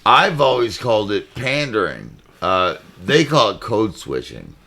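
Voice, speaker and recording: Co-host, man, gravelly, slow, laughs a lot, swooping voice. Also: fairly low pitch, sing-song, bright, forceful tone. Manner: laughs often, profane, rambling. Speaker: podcast co-host. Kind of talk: casual chat.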